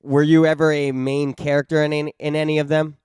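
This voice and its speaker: A man's voice: a little high, little pitch movement, brisk, darkish tone, clean tone, no room sound, studio quality. A man hosting a casual podcast interview, asking easygoing questions and cracking light jokes. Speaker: podcast host.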